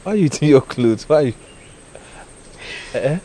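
A man's voice: mid-range voice, expressive, moderate pace, mellow, slight background noise, lightly acted. An actor playing an eager man wooing a woman, coaxing and stammering, with Nigerian Pidgin in his speech.

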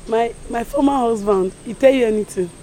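A woman's voice: on the high side, brisk, mellow, natural voice. An actress playing a shy woman being courted, speaking Nigerian Pidgin in a coy, embarrassed way. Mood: bashful.

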